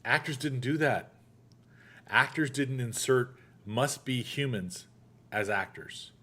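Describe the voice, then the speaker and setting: Animated storytelling man. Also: mid-range voice, slow, husky. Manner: animated storyteller, acts out quotes. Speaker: podcast host; actor. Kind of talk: casual chat.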